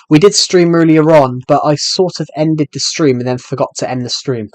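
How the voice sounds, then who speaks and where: A man's voice: medium pitch, fairly quick, hardly any pauses, no room sound. A man streaming a game live, talking in a rambling, hesitant way with lots of fillers.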